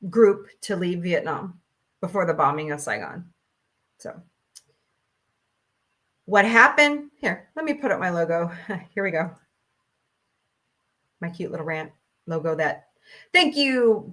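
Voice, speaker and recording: A woman's voice: on the low side, animated, unhurried, long pauses, a bit bright. A woman in her forties hosting a casual talk stream, ranting bluntly and profanely, laughing often. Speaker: host.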